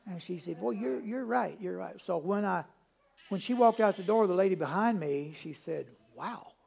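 Male preacher, high gravelly voice, folksy rambling sermon, dull lo-fi sound. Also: lively intonation, normal speed. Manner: rambling, humorous, shifts between loud emphasis and hushed asides. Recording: dull lo-fi recording.

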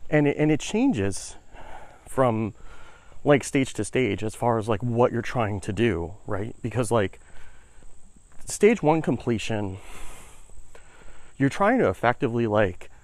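A man's voice: mid-range voice, lively intonation, a little slow, pauses often, a little mellow, no echo. Slightly winded man talking while walking outdoors. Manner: rambling, many "like" fillers and "right?" tags. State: slightly out of breath. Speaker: podcast host. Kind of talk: casual explanatory podcast talk. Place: outdoors, walking uphill through a neighborhood.

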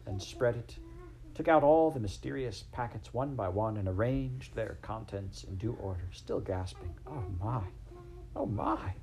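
A man narrating a classic storybook aloud in a gentle, measured, expressive way. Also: lowish voice, slight background noise, poor audio.

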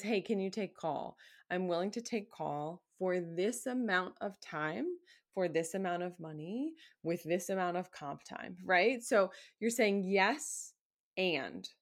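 A woman hosting a solo podcast, talking casually and emphatically as a coach and acting out the requests she quotes. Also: lowish voice.

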